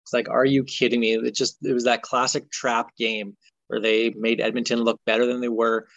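A man's voice: medium pitch, moderate pace, vocal fry, no echo. Podcast co-host, man, exasperated sports ranter, dry dull lo-fi sound. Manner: exasperated ranting, animated. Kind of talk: casual sports chat.

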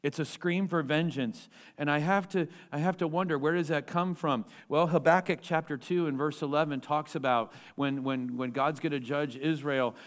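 Guy pastor preaching, lively, lots of rhetorical questions and repeats. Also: fairly high pitch, normal speed, hardly any pauses. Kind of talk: sermon.

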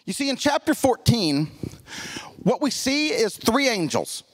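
High-voiced emphatic male preacher. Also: big pitch swings, a little slow, fairly bright tone, slightly rough. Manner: emphatic, drops low for key points. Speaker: pastor. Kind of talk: sermon. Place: church.

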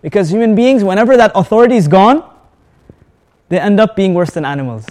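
A man with a high voice preaches a lively sermon to a live audience. He asks the audience questions and mixes Arabic words and recitation into his English. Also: brisk. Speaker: Islamic preacher.

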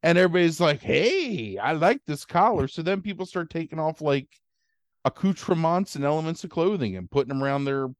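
A man's voice: fairly high pitch, fast, clean tone, dry recording, studio quality. A man hosting a podcast, rambling through a casual movie recap and slipping into silly voices for the characters. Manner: rambling, animated storytelling with silly put-on voices. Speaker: podcast host.

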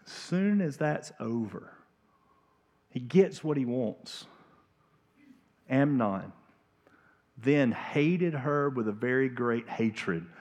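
A man preaching a sermon in a church, emphatic, swinging from hushed to loud and pleading. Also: mid-range voice. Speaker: pastor. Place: church sanctuary.

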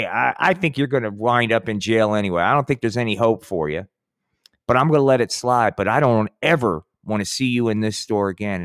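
A man's voice: on the low side, clear, resonant tone, no echo, clean studio sound, lightly acted. A man putting on a stern older male store clerk who lectures a child.

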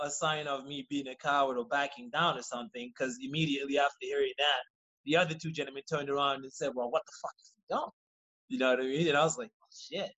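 A man, a podcast guest, telling a story in casual, profane, animated fashion and acting out what people said. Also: medium pitch, dull audio. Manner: rapid, animated, profane, acts out quoted lines.

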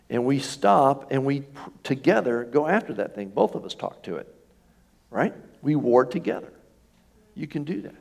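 Gravelly-voiced male pastor preaching. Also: medium pitch, normal speed, darkish tone. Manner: conversational preaching, asks the congregation questions. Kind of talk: sermon. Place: church sanctuary.

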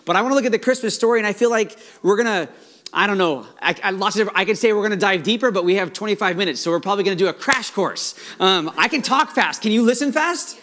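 A male pastor preaching a sermon in an excitable, fast-running way, with many restarts. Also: sits high.

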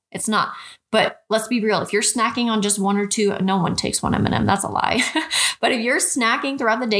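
A woman's voice: mid-range voice, a bit bright. A woman nutrition coach talking straight to her podcast listeners, frank and chatty, often calling them "guys". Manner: direct, frank, keeps addressing listeners as "guys"; chatty, with quick restarts and rhetorical questions. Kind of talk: podcast monologue.

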